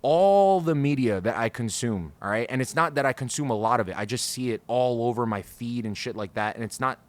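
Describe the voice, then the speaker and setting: A man's voice: mid-range voice, steady tone, fast talker, fairly bright tone. Rambling, frustrated male podcast host. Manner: frustrated, rambling, swears freely. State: over-caffeinated, scattered. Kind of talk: casual solo podcast talk. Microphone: podcast microphone.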